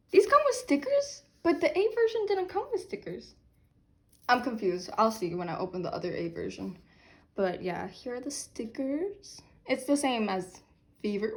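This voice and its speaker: A young woman chatting casually while unboxing albums, excitable and quick to squeal and laugh. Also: on the high side.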